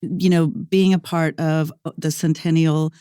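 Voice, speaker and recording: Woman podcast host, eager and laughy, smooth mellow voice. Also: low-pitched, little pitch movement, measured pace, no echo, clean studio sound. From Oklahoma. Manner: enthusiastic, laughs readily. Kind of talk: podcast interview.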